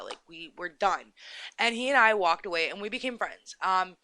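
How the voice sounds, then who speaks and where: A woman's voice: mid-range voice, fast, sharp tone, no echo. A woman hosting a live internet radio show in a put-on English accent, telling personal stories in a rambling, confiding way. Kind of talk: casual live radio talk.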